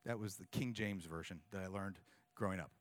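A middle-aged man preaching a sermon, telling personal stories in an animated, self-mocking way. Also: low-pitched, normal speed. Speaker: pastor.

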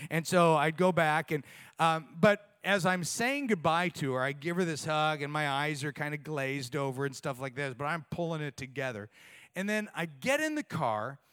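A middle-aged man preaching a sermon, telling personal stories in an animated, self-mocking way. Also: a little high, smooth. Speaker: pastor.

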